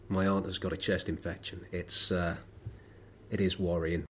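Feeling under the weather, a man hosts a solo podcast, spinning rambling, wry everyday anecdotes full of ums and uhs. His voice is low and level, a little slow, with a bit of hiss or hum in the background.

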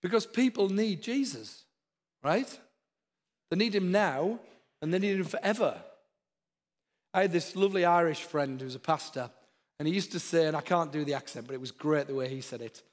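Guy preaching a sermon, kinda high voice, long echo like a big hall. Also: expressive, normal speed. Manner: earnest, repetitive exhortations.

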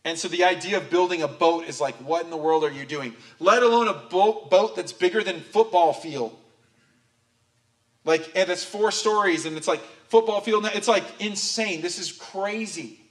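A man's voice: high voice, moderate pace. Casual young male preacher. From Southern California. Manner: conversational, joking asides. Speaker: pastor. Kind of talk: sermon.

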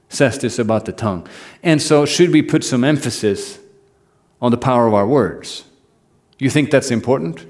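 A man's voice: medium pitch, darkish tone. A man preaching a sermon, earnest and building emphasis as he repeats phrases.

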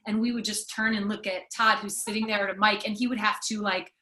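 A woman's voice: medium pitch, quick pace. A middle-aged woman comedian and podcast host, chatting as a guest and acting out quotes as she tells stories. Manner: animated storyteller, acts out quotes. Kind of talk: casual interview chat.

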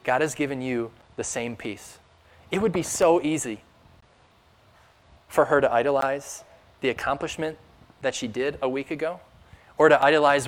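Male pastor, mid-pitched, earnest sermon delivery with emphatic questions. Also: normal speed, pauses often.

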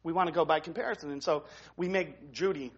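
Speaking fast in a slightly rough voice that sits high for a man, a pastor gives a talky, easygoing sermon. He keeps restarting phrases and tossing in "right?", and the recording is somewhat dull and lo-fi.

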